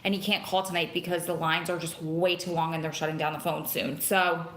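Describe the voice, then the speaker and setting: A chatty woman talks into her phone on a live stream and rambles from one thing to the next. Her voice is bright and forward. The room around her is echoey. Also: lowish voice, level tone, brisk. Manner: greets viewers by name, chatty and rambling. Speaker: vlogger hosting a live stream. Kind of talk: casual live-stream chat. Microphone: phone camera.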